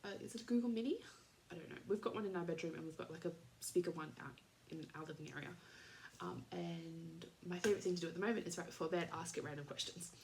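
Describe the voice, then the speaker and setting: A woman's voice: fairly low pitch, quick pace, vocal fry, a little mellow, a little hiss or hum. An Australian woman in her thirties hosting a podcast, chatting casually in a rambling way with lots of fillers and little laughs. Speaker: podcast host. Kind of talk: casual chat.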